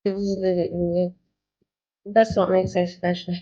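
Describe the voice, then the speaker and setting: A woman hosting, giving relaxed casual commentary while watching videos. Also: lowish voice, takes it slowly, lo-fi sound. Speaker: host reacting to videos.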